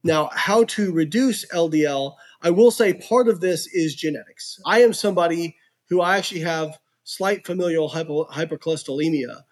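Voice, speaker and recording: An animated podcast guest, a man whose voice sits a little higher than most. He talks frankly and earnestly, peppering his stories and explanations with "like" and "you know.". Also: normal speed. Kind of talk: casual storytelling and explaining research.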